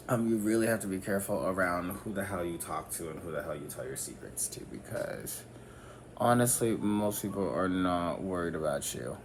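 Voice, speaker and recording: With music playing behind him, a man talks casually through a makeup tutorial, candid, rambling and cursing freely. He has a low-pitched voice, and the background is noisy.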